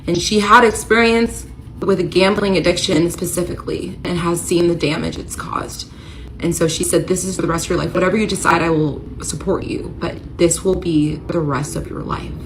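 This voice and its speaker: Low-voiced woman telling a personal story. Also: fairly even intonation, moderate pace, a little hiss or hum, low-quality recording. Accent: American. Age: 30s. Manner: emotional, rising to near-shouting when retelling the confrontation. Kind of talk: storytime confessional.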